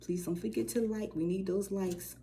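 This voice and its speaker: A middle-aged woman co-hosting a faith channel, talking casually and warmly to her viewers, rambling and repeating phrases as she goes. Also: mid-range voice, fairly even intonation, moderate pace. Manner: warm, rambling, repeats phrases, says y'all. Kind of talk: casual direct-to-camera talk.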